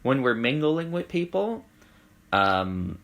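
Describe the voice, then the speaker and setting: A man co-hosting a relaxed podcast, telling a story with plenty of energy. His voice sits at an ordinary pitch, and he keeps acting out the voices of the people in the story. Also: slow pace, creaky. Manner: animated storyteller, acts out voices. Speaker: podcast co-host. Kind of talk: casual chat, telling a story.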